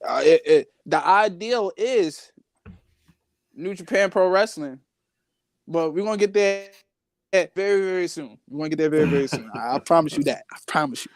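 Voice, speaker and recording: Young man, wrestler guest, boastful, animated, slightly high voice, dry close sound. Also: moderate pace, dry recording. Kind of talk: casual live podcast interview.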